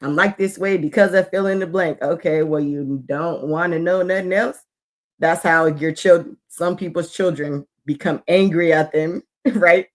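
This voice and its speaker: A woman's voice: fairly low pitch, steady tone, normal speed. A woman and mother co-hosting a casual podcast chat, laughing often and reflecting on parenting.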